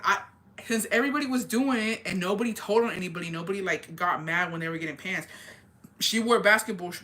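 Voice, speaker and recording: A woman's voice: medium pitch, pushed and bright. A young woman telling a casual storytime confession, rambling and swearing, with lots of fillers, often laughing at herself. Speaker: vlogger.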